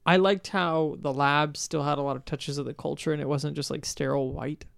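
Male podcast co-host, smooth and fairly high, loose casual delivery, dry close mic. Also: fairly quick, no room sound. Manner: relaxed, thinks aloud with many "like"s. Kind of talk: casual chat about a film.

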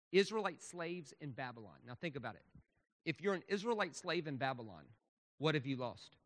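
Bright-voiced pastor preaching in a hall. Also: male voice, a little high. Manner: conversational, rhetorical questions to the audience. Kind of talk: sermon.

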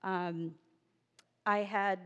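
A woman telling a personal story in an animated way, acting out the voices of the people in it. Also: mid-range voice, very slow, clear, resonant tone, long reverb tail, dull audio. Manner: animated, acts out quoted voices.

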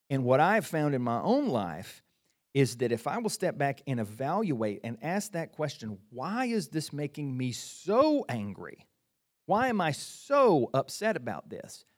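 A middle-aged man delivers a sermon in a relaxed, talky way, as if chatting with the congregation. His voice sits in a middle register but rises and falls a lot. He often stumbles into restarts and repeats key phrases for emphasis. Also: mid-range voice. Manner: animated, conversational preaching with repeated phrases and quick restarts. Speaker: pastor.

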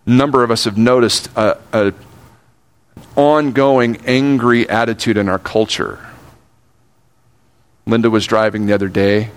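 An older man preaching a sermon, earnest, slowing down to stress key words and speeding up for asides. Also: fairly low pitch, steady tone, smooth. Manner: earnest, shifts between slow emphatic phrasing and quick asides. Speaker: pastor.

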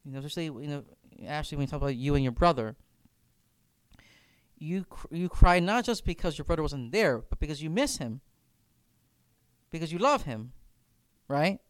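A man's voice: fairly high pitch, lively intonation, moderate pace, pauses often, clean tone, no echo. A man leading a reflective faith discussion as campus minister, speaking earnestly and often repeating words as he thinks aloud.

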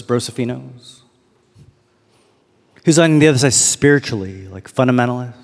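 A man's voice: mid-range voice, vocal fry. A man giving a sermon as a pastor, in a casual storytelling manner that leans on rhetorical questions. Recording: long hall reverb.

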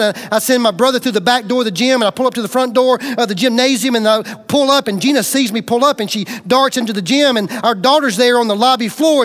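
A high-pitched middle-aged man from Alabama gives a sermon testimony. He tells his own story in an emphatic, confessional way, like a storyteller. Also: a bit bright. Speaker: preacher giving testimony.

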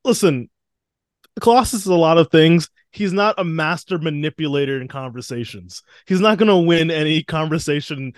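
A man's voice: a little high, normal speed, no room sound, studio quality. A young man co-hosting a podcast in casual chat, giving blunt, emphatic opinions and laughing often. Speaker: podcast co-host.

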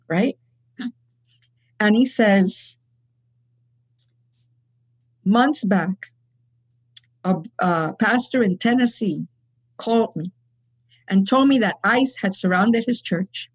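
Woman with a slightly husky voice telling a story, acts out the quotes. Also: a little high, low-quality recording. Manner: animated storyteller acting out quotes. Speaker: guest speaker. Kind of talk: storytelling in a podcast conversation.

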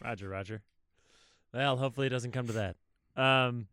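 A man co-hosting a casual movie podcast, talking slowly with lots of laughter. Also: medium pitch, clear, resonant tone, no echo, studio quality. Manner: slow, animated delivery, laughs often. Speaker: podcast co-host. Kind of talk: casual chat with movie quote impressions.

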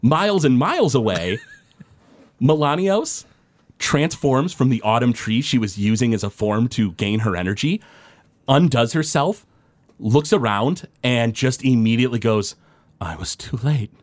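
A man's voice: medium pitch, animated, a little slow, no echo. A man narrating a tabletop game as game master, describing scenes loosely with many fillers.

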